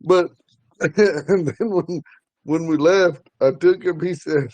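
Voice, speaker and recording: A man teaching a language class, telling stories in a relaxed way and laughing often. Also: a little high, takes it slowly, dry recording. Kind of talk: casual storytelling in class.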